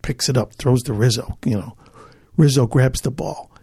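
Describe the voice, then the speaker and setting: An older man from Chicago spins an animated story as a podcast guest. His voice is gravelly and a little husky, and it sits close and dry on the mic. He acts out the other people's lines and laughs as he talks. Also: mid-range voice, moderate pace, dry recording.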